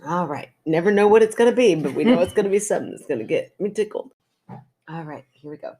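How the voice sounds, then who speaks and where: A woman's voice: on the low side, lively intonation, quick pace, mellow. A woman, co-hosting a chatty podcast, laughing often as she reacts and reads. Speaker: podcast co-host. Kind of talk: casual chat, reading listener stories.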